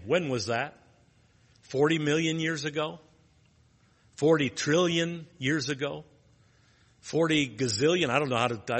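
A man's voice: a little high, bright, forceful tone, in a large hall. A man teaching a Bible lesson in a plain teaching tone, asking rhetorical questions and restarting phrases.

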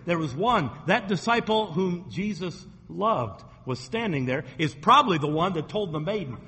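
Storytelling preacher in a reverberant hall. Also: male voice, sits high, lively intonation, moderate pace, few pauses, bright, forceful tone. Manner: storytelling preacher, acts out quoted voices. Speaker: pastor. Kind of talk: sermon.

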